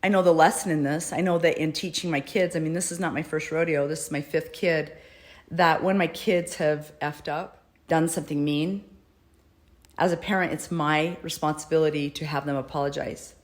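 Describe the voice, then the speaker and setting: A woman's voice: sits low, fairly even intonation, moderate pace. A middle-aged woman, a mother, speaking earnestly and emotionally in a personal video address, pleading for someone to do the right thing. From United States.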